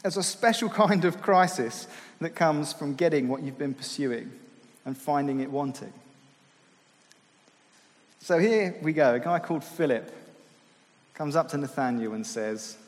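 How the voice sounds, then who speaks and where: Man, sermon, chatty, self-deprecating, slightly high voice, echoing church hall. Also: lively intonation, unhurried, pauses often. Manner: conversational, self-deprecating, repeats words. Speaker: preacher. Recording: long hall reverb.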